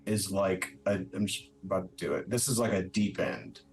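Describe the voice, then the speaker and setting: A man's voice: low voice, moderate pace, rough recording. Upbeat, chatty male game master. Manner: upbeat, chatty, with filler words. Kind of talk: running a streamed tabletop game.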